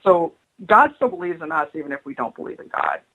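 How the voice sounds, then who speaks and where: A woman, a spiritual advisor and radio guest, telling a personal story with lively acted-out dialogue. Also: on the low side, fairly quick, husky, low-quality recording. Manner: animated storyteller acting out quoted voices.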